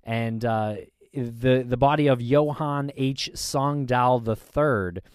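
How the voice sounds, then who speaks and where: A man's voice: mid-range voice, slow, clear, resonant tone, dry recording. A man co-hosting a casual chat, telling a news story with many fillers and restarts.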